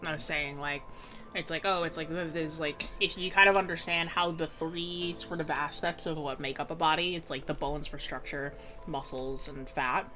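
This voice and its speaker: A woman art streamer in a relaxed stream chat, her voice bright and forward and sitting a little low. She giggles a lot and leans on filler words as she talks, with soft music playing behind her. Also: moderate pace. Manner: giggly, filler-heavy talk. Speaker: art streamer teaching drawing. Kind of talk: casual live-stream chat.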